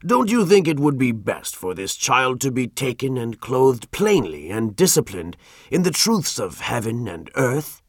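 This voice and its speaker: A man's voice: mid-range voice, sing-song, a little slow, no room sound, clean studio sound, voice pushed up. A man voicing a stern, judgmental governor in an audiobook, speaking in a commanding tone.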